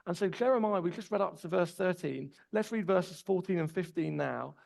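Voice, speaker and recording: Young guy preaching, kinda high voice with lots of vocal fry, chatty storytelling. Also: moderate pace, rough recording. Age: 20s. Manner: relaxed storytelling, personal anecdotes. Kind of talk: conversational sermon.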